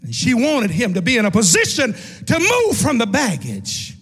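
A man preaching a sermon as pastor, dropping to low murmurs and rising to shouted, half-sung peaks. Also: wildly swooping pitch, normal speed, breathy edge, in a large hall.

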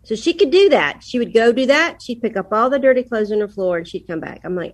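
A middle-aged woman on a podcast talks through parenting advice in an easy, chatty way. She often slips into her children's voices as she tells stories, and her voice sits a little high. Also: lively intonation, brisk, hardly any pauses. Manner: storytelling, quotes her kids. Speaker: podcast guest, parenting speaker. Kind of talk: casual advice talk.

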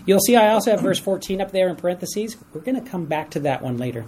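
A Bible study teacher running an interactive class in a room, animated and quick to chuckle, with a mellow, darker tone and a light hum of background noise underneath. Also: medium pitch, low-quality recording. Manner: animated, asks the class for readers, chuckles at stories.

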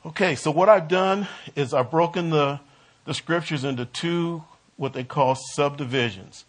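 A man teaching a Bible study, talking in a halting way with restarts and leaning hard on key words. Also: on the high side.

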